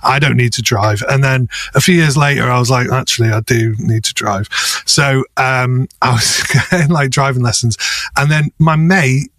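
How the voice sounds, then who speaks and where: A man's voice: medium pitch, normal speed, fairly bright tone, no echo. Sweary, laughing Chester man. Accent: Chester English. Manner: sweary anecdotal storyteller, laughs often. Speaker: podcast co-host. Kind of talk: casual chat.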